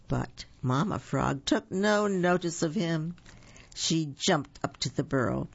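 A reader reading picture books aloud to children, gentle with explaining asides. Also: medium pitch, animated, slow pace, creaky, husky, dry recording. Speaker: storybook reader. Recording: dull lo-fi recording.

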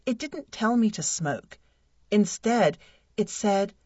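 Wry, slow-reading woman narrator. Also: medium pitch, lively intonation, darkish tone, husky, no echo. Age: adult. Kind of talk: reading a humorous personal essay. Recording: dull lo-fi dry recording.

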